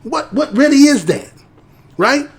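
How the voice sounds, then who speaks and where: A man's voice: extremely high pitch, animated, a little slow. An American man hosting a live show, giving casual commentary in a talkative, rhetorical way and often tagging his points with a question. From United States. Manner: conversational, rhetorical, tags points with "right?".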